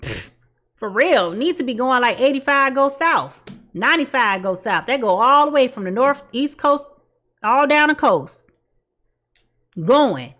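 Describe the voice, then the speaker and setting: A woman's voice: high-pitched, expressive, unhurried, pauses often, fairly bright tone. A woman giving a casual tarot reading in a blunt, sassy way and laughing at her own jokes. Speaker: tarot reader.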